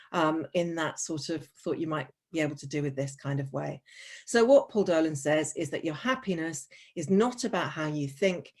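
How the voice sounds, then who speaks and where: A woman with a voice that sits low presents a webinar on teacher wellbeing. She's chatty and frank, with frequent ums, restarts and sarcastic asides.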